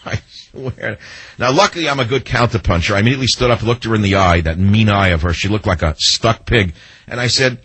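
A man's voice: on the low side, animated, fairly quick, fairly bright tone, husky, dry recording, poor audio. A man hosting a talk radio show, telling sarcastic stories and mimicking the people in them. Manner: sarcastic, storytelling with mimicked quotes. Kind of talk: monologue to listeners.

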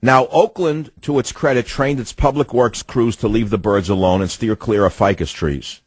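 A man's voice: fairly low pitch, normal speed, slightly rough, dry recording. A man hosting a talk radio show, delivering an indignant, ranting monologue with sardonic asides.

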